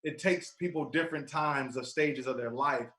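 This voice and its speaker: Man, calm and laid-back, measured sports talk, roomy echo. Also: mid-range voice. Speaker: podcast co-host.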